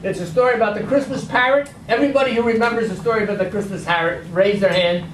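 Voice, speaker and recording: An older man telling a long joke to a club audience, animated and acting out the characters' voices. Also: high voice, fast talker. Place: large room at a club meeting. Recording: echoey hall from far off, faint noise.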